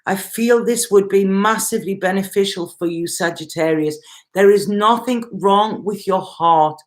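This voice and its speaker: A woman's voice: medium pitch, normal speed. A woman giving a tarot reading to camera, talking straight to the viewer in a chatty, reassuring way and repeating herself. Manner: addresses viewer directly. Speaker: tarot reader.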